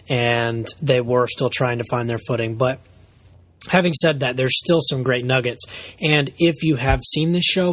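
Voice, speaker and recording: A man's voice: medium pitch, no room sound. Easygoing male podcast co-host. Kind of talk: casual chat.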